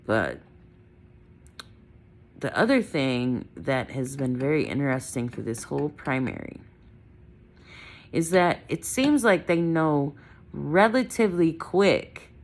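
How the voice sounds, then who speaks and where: A woman's voice: sits low, sing-song, slow pace, pauses often. A middle-aged woman from Wisconsin, talking casually and with strong opinions in a vlog from her car, often ending thoughts with "right?". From Wisconsin, United States. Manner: chatty, opinionated, trailing off with "right?" and "I don't know". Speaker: vlogger.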